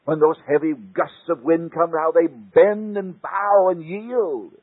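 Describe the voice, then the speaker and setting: A husky-voiced man preaching a sermon, swinging dramatically from booming declarations down to hushed near-whispers. He takes his time, dwelling on each phrase. The recording is thin and tinny, like an old sermon tape played down a phone line. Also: slow pace.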